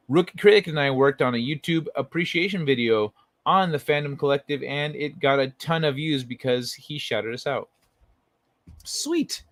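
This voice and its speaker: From bed at home, a man with a slightly high, somewhat bright voice hosts a casual late-night stream. He rambles in a relaxed way, reads viewer messages out loud and talks to chat members by name. No echo is present.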